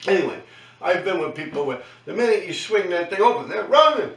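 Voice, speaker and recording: Slangy New York man, bright and roomy. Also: high voice, lively intonation, fairly quick, gravelly, far from the mic. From New York City. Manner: profane, slangy, keeps tagging lines with "man". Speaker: host recounting his graffiti days. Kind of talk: casual storytelling monologue.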